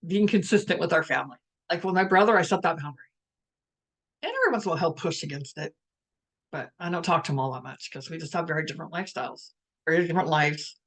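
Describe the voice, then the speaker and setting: A middle-aged woman hosting a live spiritual talk, speaking in a reflective, musing way with many restarts and pauses, and now and then putting on the voices of family members. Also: low voice. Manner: quotes family conversations in lively voices. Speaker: spiritual empath host.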